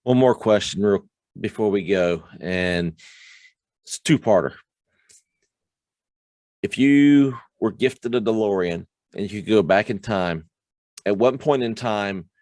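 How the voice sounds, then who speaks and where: A man hosting a podcast, asking his guest questions in a relaxed, playful way. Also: on the low side, slow, long pauses, dry recording, clean studio sound. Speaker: podcast host. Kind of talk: interview questions.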